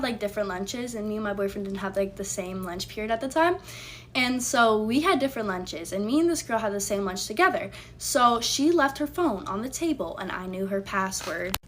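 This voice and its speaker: A woman's voice: mid-range voice, a little hiss or hum. A woman telling a personal story in a casual storytime vlog, blunt and heated, swearing freely as she recounts it. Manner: blunt, profane, heated retelling.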